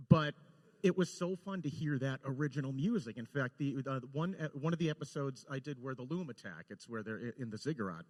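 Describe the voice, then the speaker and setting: A man, a storyboard director, telling lively anecdotes and acting out the quotes with laughter. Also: mid-range voice, a little fast, big-room sound. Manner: animated, laughing, acts out quotes.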